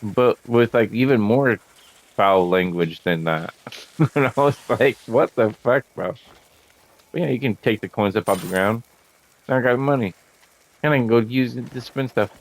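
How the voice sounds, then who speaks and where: A man giving casual, profane commentary while playing a video game, often laughing and getting excited. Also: medium pitch, normal speed. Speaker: gamer showing a game.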